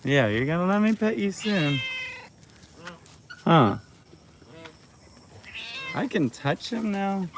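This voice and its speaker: Farm vlogger on a phone live stream, unhurried, mid-pitched, coaxes animals outdoors over steady background noise. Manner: coaxing, soft-spoken with the animals. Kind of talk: casual chat while feeding animals.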